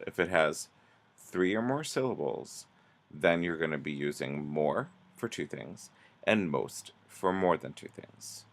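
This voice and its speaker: A man with a very low, gravelly voice walks through a grammar lesson. He talks slowly and patiently, pausing often and restarting his sentences as he explains each example. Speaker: teacher.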